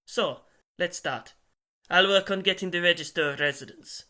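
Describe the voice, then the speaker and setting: A man voicing a brisk, bossy, well-off man giving orders over dinner. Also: high voice, sharp tone, pitched above the performer's own voice. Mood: commanding. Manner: brisk, commanding.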